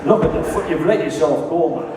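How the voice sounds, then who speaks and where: A man's voice: fairly high pitch, fairly quick, background noise. A man with a Teesside accent doing a profane, rowdy stand-up routine, teasing the crowd on stage in a large hall. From England. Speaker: stand-up comedian. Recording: echoey hall from far off.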